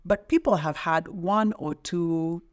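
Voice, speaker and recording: A woman's voice: on the low side, takes it slowly. A middle-aged woman talks in a casual podcast interview. She speaks like a trainer, emphatic and teacherly, and makes her points with rhetorical questions. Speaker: guest, public speaking trainer.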